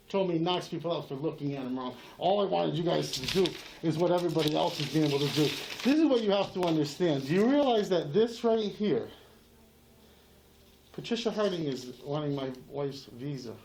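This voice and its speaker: A man's voice: fairly high pitch, vocal fry, darkish tone, slight background noise, low-quality recording. A man in a heated face-to-face argument, insistent and profane, repeating himself and talking over others. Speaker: channel owner confronting a sheriff.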